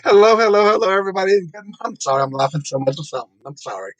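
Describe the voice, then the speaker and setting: A man's voice: sits high, expressive, racing, no echo. A man hosting a casual live show, greeting viewers one by one and laughing often. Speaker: host.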